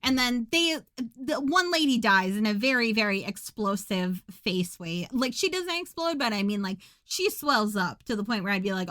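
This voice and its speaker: A woman's voice: medium pitch, expressive, normal speed, a bit bright, no room sound. A woman co-hosting a podcast, recapping a film in a sarcastic, joking way and laughing often. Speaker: podcast co-host.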